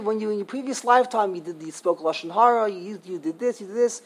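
A man's voice: high voice, fairly quick, few pauses, rough recording. An older man giving an informal Torah class, emphatic and indignant, repeating himself for stress. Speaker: Torah teacher.

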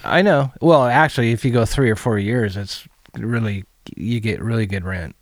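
A man co-hosting a podcast in casual chat, blunt and quick to swear. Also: fairly low pitch, dry recording, clean studio sound. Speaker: podcast co-host.

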